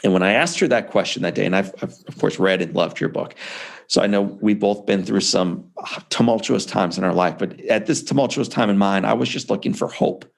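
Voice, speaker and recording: A man's voice: lowish voice, a little fast, vocal fry. A man being interviewed as an author, telling a personal story in an earnest, heartfelt way. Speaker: author and speaker, interview guest.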